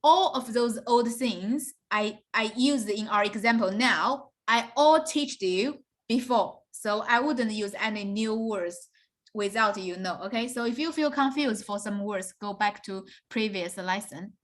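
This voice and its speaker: A woman with a slightly high voice gives a beginner Mandarin lesson. She explains step by step and keeps checking that her students follow along. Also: a little slow. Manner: patient explaining, often checks in with "okay?" and "right?". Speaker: Mandarin teacher. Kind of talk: online beginner language lesson.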